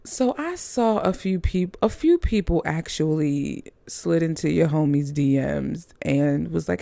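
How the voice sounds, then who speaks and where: A woman's voice: deep voice, lively intonation, a little slow, gravelly, few pauses, warm tone, dry recording. A woman reviewing movies in a casual, chatty, gushing manner with playful asides.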